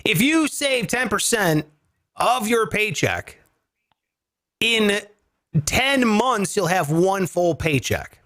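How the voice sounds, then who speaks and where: A man's voice: sits high, lively intonation, slow, pauses often, pushed and bright. A man hosting a comedy finance podcast, talking casually with swearing and joking rants. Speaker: comedy finance show host.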